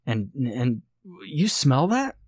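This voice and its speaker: A man's voice: mid-range voice, big pitch swings, takes it slowly, a little mellow, dry recording, clean studio sound, voice pushed up. A man voicing a frightened, irritable burly young man who keeps pleading and complaining as they explore. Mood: irate, squeamish.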